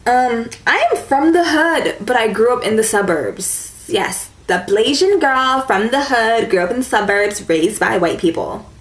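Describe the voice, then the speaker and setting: A woman's voice: on the high side, expressive, unhurried, hardly any pauses. Chatty valley-girl woman in an echoey room. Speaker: beauty vlogger. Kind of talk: casual chat to camera. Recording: echoey room with faint ambience.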